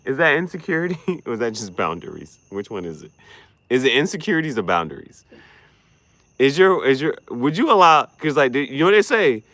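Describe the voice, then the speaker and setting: A man giving casual, joking livestream commentary, profane and quick to laugh. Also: medium pitch, big pitch swings, fairly bright tone, no echo. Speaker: streamer.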